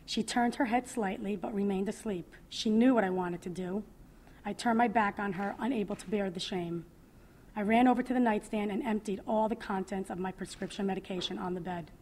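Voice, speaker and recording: A woman in her thirties reads her own testimony aloud as a mother at a public event, speaking earnestly and with feeling, often pausing. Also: mid-range voice, darkish tone. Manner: emotional, earnest, with pauses. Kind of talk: reading a personal testimony aloud.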